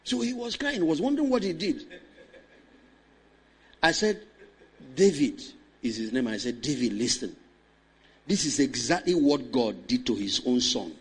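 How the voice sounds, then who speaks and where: A man preaching a sermon, swinging between loud, impassioned declaration and hushed storytelling, and calling on the congregation to respond. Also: mid-range voice, big pitch swings, measured pace, pauses often, husky.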